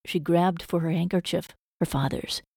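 Woman narrating an audiobook, low mellow voice, dry close recording. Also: fairly even intonation, normal speed, gravelly, husky, no echo.

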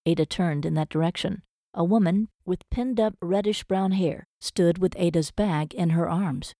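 A woman reads a story as an audiobook in a measured, even manner. Her voice is low and mellow, and the recording is dry and close. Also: no room sound. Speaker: narrator. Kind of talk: audiobook narration.

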